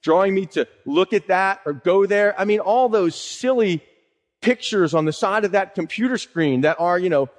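A man's voice: high voice, moderate pace. A man pastor preaching a sermon in a conversational teaching way, quoting scripture and asking rhetorical questions. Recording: long hall reverb.

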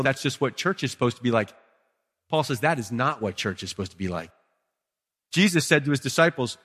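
A male pastor preaching a sermon in a church, chatting with the congregation, swinging from quiet asides to emphatic peaks. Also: on the high side. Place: church sanctuary. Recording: long reverb of a hall.

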